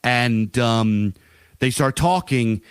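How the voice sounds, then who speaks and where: Middle-aged male co-host, casual and meandering, lots of ums, mid pitch, dry close sound. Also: lively intonation, takes it slowly, clear, resonant tone, no room sound. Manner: rambling, profane, full of fillers and restarts. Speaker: podcast co-host. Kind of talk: casual chat.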